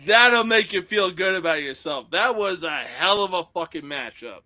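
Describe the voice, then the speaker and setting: A man in a casual chat over a video call, excitable and swearing freely. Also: sits high, normal speed, dry recording.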